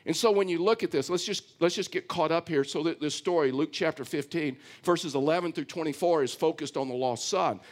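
Man, pastor, sermon, slightly high voice, emphatic, repeats phrases, scripture reading with commentary. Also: brisk, hardly any pauses. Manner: emphatic preaching, repeats phrases, often says "listen"; reads scripture aloud, then comments on it.

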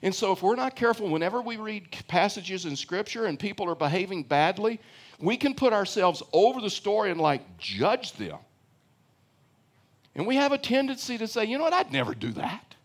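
A man's voice: high-pitched, big pitch swings, moderate pace. An older man preaching a sermon as pastor, conversational, repeating phrases for emphasis and asking the congregation questions.

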